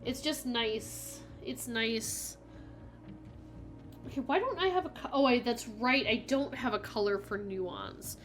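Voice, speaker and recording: A woman's voice: on the high side, a little slow, a bit bright, faint music behind. A young woman streaming a video game, chatting casually and rambling with lots of filler words and giggles. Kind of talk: casual chat while playing a video game.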